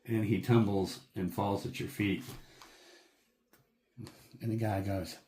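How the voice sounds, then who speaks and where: A man narrating a tabletop game as game master, describing scenes in an unhurried way with fillers. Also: fairly low pitch, fairly even intonation, dark tone, a little hiss or hum.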